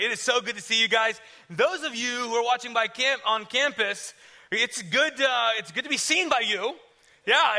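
A male pastor with a high voice and a strikingly bright, forceful tone. He preaches with lively, self-mocking humor and animated storytelling. He also leads his congregation in prayer. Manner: energetic, joking, self-deprecating. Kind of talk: sermon and prayer.

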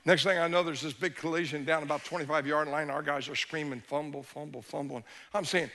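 A high-pitched man with a bright, forceful voice preaches to a congregation. He is middle-aged and tells his story with animated swings from hushed near-whispers to shouts. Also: quick pace, hardly any pauses. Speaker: pastor. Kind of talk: sermon storytelling.

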